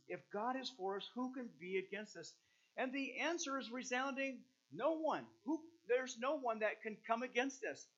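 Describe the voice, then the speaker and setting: Male pastor, high-pitched, earnest sermon delivery, slow over scripture, muffled recording. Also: fairly bright tone. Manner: earnest, reads scripture slowly then preaches with restarts and fillers.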